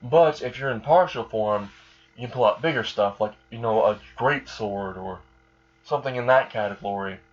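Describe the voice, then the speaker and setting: A man voicing an ancient, scheming male Mad Hatter who is a Ghost Rider, in a casual, halting way, on a dull lo-fi recording. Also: mid-range voice, lightly acted. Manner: casual, halting, says "you know".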